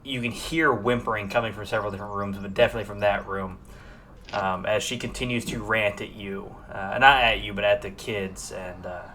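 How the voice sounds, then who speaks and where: A man's voice: fairly low pitch, steady tone, a little fast, pushed and bright, slight background noise. A man narrating as game master in a casual, laughing way with lots of fillers.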